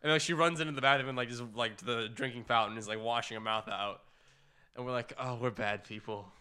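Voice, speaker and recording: A young man on a casual chat show tells animated stories with lots of "like" fillers. His voice is bright and forward, and it jumps up high whenever he quotes someone. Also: fast, smooth. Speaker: podcast co-host.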